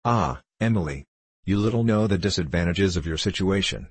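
An anxious, motherly older housekeeper, read by a man who warns gently. The voice is very low and husky. It is recorded close and dry. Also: lively intonation, normal speed, no echo. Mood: worried. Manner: worried, cautioning. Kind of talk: audiobook character reading.

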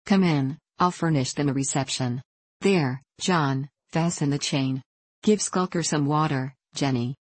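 A woman with a notably low voice reads a classic novel aloud in a measured, unhurried storytelling manner. The sound is close and dry, with no room around it. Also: darkish tone, breathy edge, dry recording, low-quality recording. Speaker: audiobook narrator. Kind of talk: scripted narration.

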